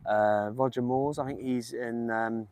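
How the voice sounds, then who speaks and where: A man's voice: medium pitch, fairly even intonation, unhurried, a little mellow. Chatty English man live-streaming outdoors. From England. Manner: chatty, rambling, jokey banter with viewers. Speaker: livestream host visiting graves. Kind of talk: casual live stream chat reading comments. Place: outdoors, windy village. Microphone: phone held in hand.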